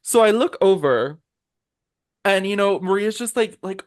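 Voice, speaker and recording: A young man co-hosting a pop music podcast, telling a story in a lively, animated way with big swings in pitch. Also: moderate pace. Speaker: podcast co-host. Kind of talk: casual chat.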